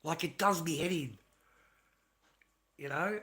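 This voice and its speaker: Male streamer, bright edgy voice, profane heated rant to camera. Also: fairly high pitch, takes it slowly. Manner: profane, heated ranting with repetition. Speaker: livestream host. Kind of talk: ranting live stream monologue.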